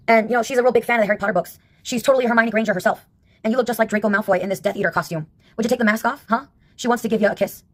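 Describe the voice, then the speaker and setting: Fifties woman, fast and wry, sarcastic storyteller, a touch high. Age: 50s. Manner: wry, sarcastic, laughs at her own stories. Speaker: vlogger. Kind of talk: casual storytelling monologue.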